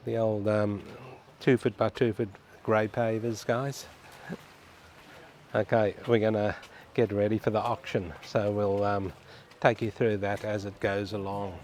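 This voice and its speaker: A fairly low-voiced man talks casually to his viewers, calling them guys as he shows them round a suburban house. His delivery is loose and conversational, full of ums and restarts. A faint hum of outdoor ambience sits behind him. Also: level tone, unhurried, darkish tone. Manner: chatty, addresses viewers as guys. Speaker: vlogger touring a house. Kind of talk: casual walkthrough commentary.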